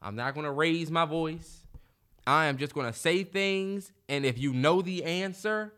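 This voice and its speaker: A man's voice: a little high, measured pace, fairly bright tone, smooth. A man co-hosting a podcast in casual chat, talking animatedly and emphatically with lots of slang and filler ums. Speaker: podcast co-host.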